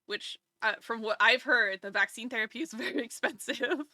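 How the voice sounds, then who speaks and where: Woman streamer, casual live chat, bright crisp tone, close dry sound, rambling delivery. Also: on the high side, moderate pace, no echo. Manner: rambling, chatty, with many fillers and restarts.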